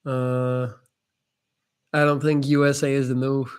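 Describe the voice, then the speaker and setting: A man's voice: mid-range voice, flat delivery, unhurried, clear, resonant tone. A young man hosting a casual live-stream chat, answering viewers' questions in a blunt, laid-back way and calling people "man".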